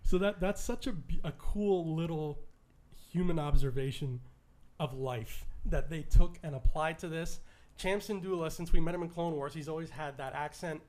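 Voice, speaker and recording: Enthusiastic Canadian man, higher voice. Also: moderate pace, darkish tone. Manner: enthusiastic, restarts and stumbles often. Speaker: podcast co-host. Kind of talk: casual podcast chat.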